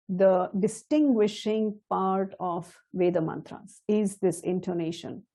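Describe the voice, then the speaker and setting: A middle-aged woman teaching a chant, explaining slowly and carefully, now and then laughing softly. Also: medium pitch, slightly rough. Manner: slow, measured and explanatory, with soft laughs. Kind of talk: spoken lesson with chanted demonstrations.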